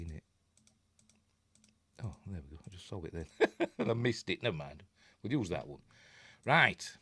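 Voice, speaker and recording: This Yorkshireman has a deep, fairly bright voice with a breathy edge. He hosts a film review livestream, chatting casually and laughing as he rambles through replies to viewers' comments.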